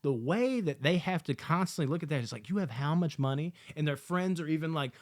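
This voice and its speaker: A man giving a casual, excited movie review, swearing often and acting out lines from the film. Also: on the high side, fairly quick, hardly any pauses. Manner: excited, profane, acts out quotes.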